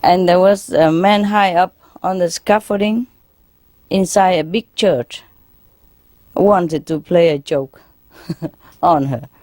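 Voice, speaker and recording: A woman's voice: darkish tone, no echo. A woman, a spiritual teacher, telling jokes to an audience, raising her voice for the characters she quotes. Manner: slow, unhurried joke-telling that shifts into higher quoted voices. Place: lecture hall gathering.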